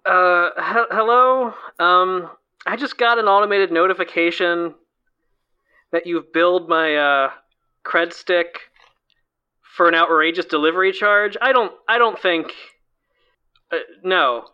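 A man playing a harried male starship captain who talks in a flustered, halting way. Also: high-pitched, clear, resonant tone. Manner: flustered, hesitant. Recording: dull, lo-fi sound.

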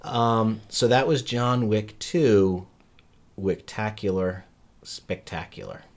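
A man's voice: lowish voice, slow, darkish tone. A man co-hosting a podcast, chatting casually and jokily about movies in a rambling way. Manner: rambling, jokey film chatter. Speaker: podcast co-host. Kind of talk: casual chat.

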